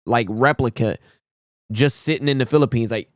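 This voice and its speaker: Excitable man reacting, slangy. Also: medium pitch, moderate pace, dry recording, clean studio sound. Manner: enthusiastic, slangy, rambling. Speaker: reaction video host. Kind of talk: casual reaction commentary.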